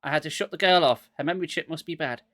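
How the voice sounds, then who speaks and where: A man's voice: a little high, very fast, fairly bright tone, no echo, natural voice. A man reading aloud, voicing a weary, matter-of-fact man who builds robots.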